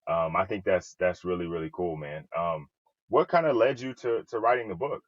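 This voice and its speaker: Low, husky-voiced male podcast host. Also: normal speed, no echo. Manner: reflective, thinking aloud with frequent "right?". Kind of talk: casual interview chat. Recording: slightly dull lo-fi audio.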